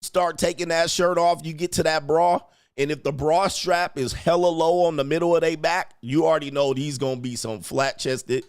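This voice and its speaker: A man's voice: on the high side, fairly even intonation, moderate pace, few pauses, smooth. A man hosting a show, telling crude comedic stories in heavy slang and acting out quotes. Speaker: podcast host. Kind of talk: crude comedic riffing to a live chat.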